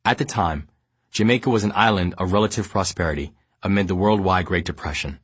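A man from New York reading his memoir aloud as an audiobook, in a measured, steady storytelling manner. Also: low voice, husky, no room sound. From New York, United States. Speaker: memoir narrator.

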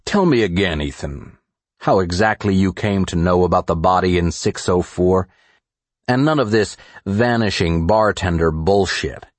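Guy reading as a deep gravelly sheriff, slow and threatening, super dry sound. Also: no echo. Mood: interrogating. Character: gruff menacing small-town male sheriff.

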